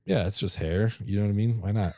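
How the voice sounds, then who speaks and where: A man's voice: fairly low pitch, fast, creaky, a little mellow, dry recording, studio quality. A man co-hosting a podcast in casual chat, rambling with lots of fillers and easy laughs. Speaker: podcast co-host.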